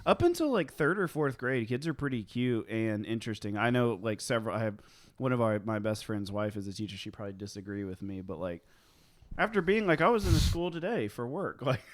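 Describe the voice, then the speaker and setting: A young man co-hosting a casual comedy podcast. He rambles through stories, laughs often and jumps into high mocking voices. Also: animated, fairly quick, dry recording. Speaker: podcast co-host.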